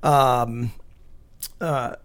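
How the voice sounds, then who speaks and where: A man's voice: medium pitch, steady tone, drawn-out words, a crowd in the background. Man in his forties, self-mocking chat. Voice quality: self-mocking, hesitant restarts. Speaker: podcast co-host. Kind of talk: casual chat.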